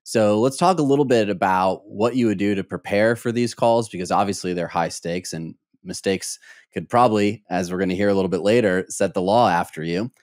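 Measured low-voiced male podcast host. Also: a little mellow, no room sound, studio quality. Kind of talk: interview questions and commentary.

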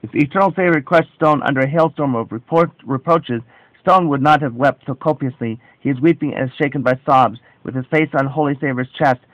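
A man reading scripture aloud with commentary, slow and solemn, stressing quoted dialogue. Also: medium pitch, lo-fi sound.

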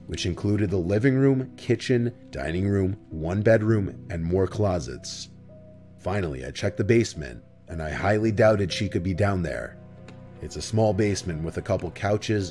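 This is a calm horror narrator telling eerie first-person stories in a measured way. He speaks in a deep, steady male voice with music running underneath.

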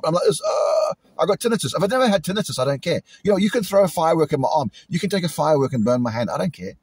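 A British man venting angrily in a vlog, repeating himself and imitating loud bangs, recorded outdoors. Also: on the high side, animated, fast, husky, no echo. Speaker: vlogger. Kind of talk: agitated monologue to camera. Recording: outdoors in a cemetery.

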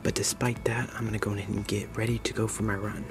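A man vlogging in a soft unvoiced whisper in his kitchen at dawn, chatty and a bit self-deprecating. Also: fairly low pitch, little pitch movement, fast. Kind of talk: whispered vlog narration. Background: loud background music.

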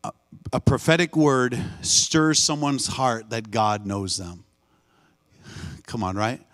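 A man preaching a sermon in a church, telling a story with lively voices and calling out for the congregation's response. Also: medium pitch. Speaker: guest preacher. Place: church sanctuary, live service.

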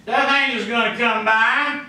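Man, Texan accent, pastor, folksy sermon, high bright voice, very echoey church sound from far off. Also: steady tone, unhurried. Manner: folksy preaching, acts out voices of the congregation. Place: church sanctuary.

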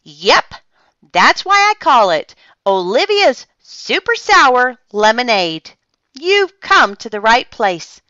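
Casting: woman voicing a bossy, excitable little girl, high and lively, storybook reading, dull dry recording. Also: slow, dry recording, heavily acted. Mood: eager. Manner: eager, commanding, high and bouncy. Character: bossy energetic young girl running a stand. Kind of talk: storybook character voice.

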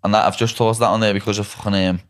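A man's voice: lowish voice, level tone, racing. A man with a Liverpool Scouse accent hosting a casual podcast chat, talking bluntly and swearing, tagging "lad" onto his phrases. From Liverpool, England. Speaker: podcast host.

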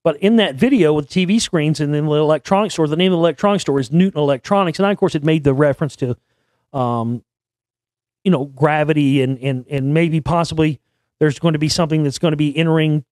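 A man's voice: on the high side, fairly even intonation, fast talker, a little mellow, dry recording, clean studio sound. A man in his forties hosting a show, talking in a rambling, blunt and profane casual monologue. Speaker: show host.

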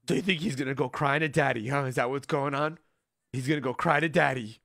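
A man playing a goofy, brash male deputy warden in an improvised game role-play, mocking and quick to laugh. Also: vocal fry, no echo. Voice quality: loud and cackling, switching to low menace. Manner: mocking and teasing, breaks into laughter.

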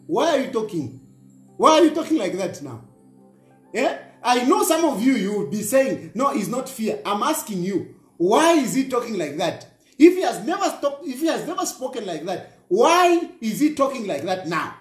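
A man with a Zambian accent, pitched high and swinging widely as he mocks, firing the same pointed question again and again. His voice rings in an echoey room with faint music underneath. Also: sing-song, a little slow. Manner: mocking, repeats rhetorical questions, mixes in local phrases. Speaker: political commentator. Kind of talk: opinionated online commentary.

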